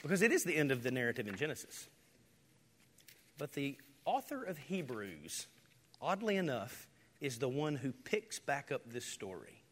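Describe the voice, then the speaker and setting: A male pastor preaching a sermon, rising to loud, impassioned declarations and dropping to near-whispers. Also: medium pitch, very animated, normal speed, slight background noise. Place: church sanctuary. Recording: hall reverb.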